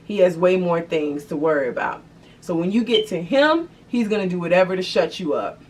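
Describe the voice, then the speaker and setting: A woman's voice: lowish voice, a little fast. Slangy young woman, mic a bit distant. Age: young adult. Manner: animated, profane, slangy. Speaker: vlog host. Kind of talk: casual chat to camera. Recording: distant mic, faint background noise.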